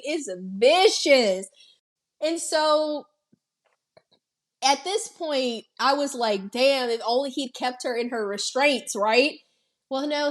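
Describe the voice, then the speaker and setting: A woman co-hosting a podcast, recapping a movie in casual chat, swearing freely and acting out the characters' lines. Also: fairly high pitch. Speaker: podcast co-host.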